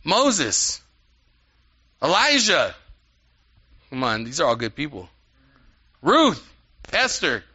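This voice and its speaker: Man preaching, lively and conversational, very bright, forceful voice. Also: a little high, takes it slowly, pauses often, slightly rough. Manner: animated, conversational preaching with asides. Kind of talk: sermon. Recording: dull lo-fi sound.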